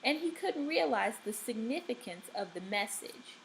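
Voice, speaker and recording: A woman teacher giving a recorded reading lesson, speaking deliberately and checking in often with the class. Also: a little high, expressive, vocal fry, slight background noise, poor audio. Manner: slow, deliberate, checks in with frequent "okay?".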